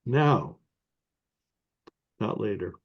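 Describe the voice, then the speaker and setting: A man making slow, thoughtful remarks on a video call. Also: lowish voice, expressive, husky. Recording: muffled video call audio.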